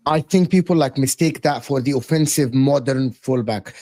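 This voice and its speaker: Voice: medium pitch, normal speed, mellow, dry recording. A panel guest arguing football points emphatically and firmly in a casual debate. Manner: argumentative, emphatic.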